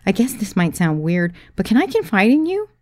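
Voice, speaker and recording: A woman's voice: mid-range voice, huge pitch swings, a little mellow, no room sound, clean studio sound, pitched above the performer's own voice. A woman voicing an embarrassed, confiding businesswoman. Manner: halting and embarrassed.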